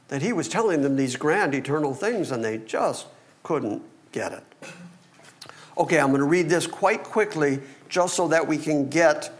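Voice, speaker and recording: A middle-aged man preaching a sermon and reading Bible passages aloud, animated and acting out the people in the story. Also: a little high. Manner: animated, acts out the disciples. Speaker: pastor.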